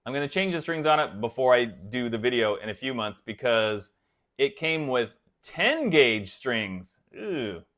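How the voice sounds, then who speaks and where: A man's voice: mid-range voice, very animated, a little slow, fairly bright tone. A man hosting a guitar channel, chatting casually on a live stream and rambling until he loses his thread.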